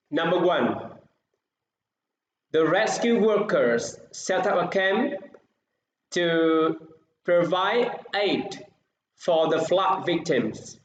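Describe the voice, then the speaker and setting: A man teaching an English lesson, slowly reading out numbered answers one at a time. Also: high voice, echoey room, poor audio.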